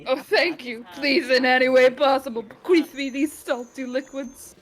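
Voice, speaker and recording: A woman's voice: high voice, fairly even intonation, normal speed, lightly acted. A woman voicing a gloomy, melodramatic man who talks in grand, old-fashioned wording in a video game. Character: gloomy dramatic man in shambles.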